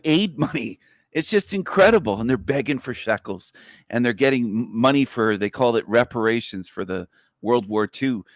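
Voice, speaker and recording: A man hosting a livestream, delivering an angry, profane, repetitive rant whose pitch climbs sharply as he gets worked up. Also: no echo, studio quality. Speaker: livestream host. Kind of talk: ranting livestream monologue.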